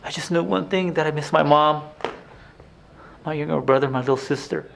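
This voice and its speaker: A man performs a haunted former inmate reliving his past in a stage monologue. The voice sits high, drops to hushed confessions and then breaks into raw shouting. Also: moderate pace, gravelly, a little hiss or hum. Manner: emotional, swings from hushed to shouting. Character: grown man, former abused son, intense and haunted. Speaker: stage actor playing an inmate.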